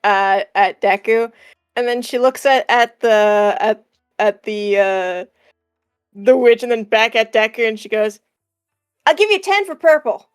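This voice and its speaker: A woman's voice: mid-range voice, steady tone, measured pace, smooth, faint music behind. A woman player describing her character's actions in a hesitant, stop-start way. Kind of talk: casual tabletop game narration.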